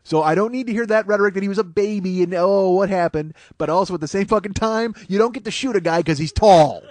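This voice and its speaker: A man in his forties hosting a comedy podcast, ranting with heavy profanity and loud outbursts. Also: high voice, quick pace, no room sound. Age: 40s.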